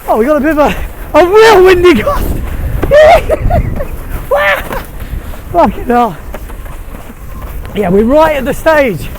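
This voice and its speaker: High-voiced man windsurfing, chatty. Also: normal speed, pauses often. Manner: chatty, excitable, laughs often. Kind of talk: casual running commentary while riding. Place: outdoors on the sea, windsurfing. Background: wind noise.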